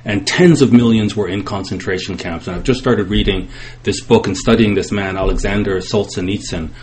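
A man's voice: on the low side, fairly even intonation, moderate pace. A man preaching in an impassioned, emphatic way, his phrases rising and falling in a sing-song cadence.

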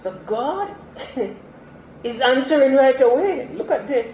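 A man's voice: very high-pitched, expressive, takes it slowly, a little mellow, slight background noise. A man preaching a sermon in an earnest manner, repeating key phrases for emphasis. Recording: echoey, slightly dull sanctuary recording.

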